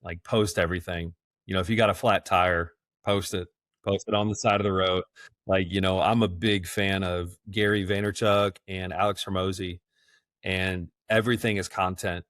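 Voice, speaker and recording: A man's voice: low-pitched, level tone, normal speed, fairly bright tone, no room sound, studio quality. A man on a podcast as a guest, talking in a casual, folksy and enthusiastic way, laughing often and repeating words as he goes. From South Georgia, US. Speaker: guest, event rental business owner.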